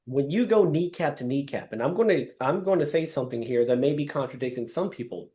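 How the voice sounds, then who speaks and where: A man's voice: medium pitch, fast. A man leading a live sales training session over a video call, acting out scenes and calling on trainees by name. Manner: animated, acts out scenes, addresses trainees by name.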